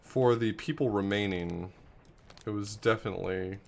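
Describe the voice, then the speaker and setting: Man, streamer, low voice, thinking aloud, casual game commentary. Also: moderate pace, gravelly, a little hiss or hum. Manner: thinking aloud, musing and self-deprecating. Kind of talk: casual live gameplay commentary.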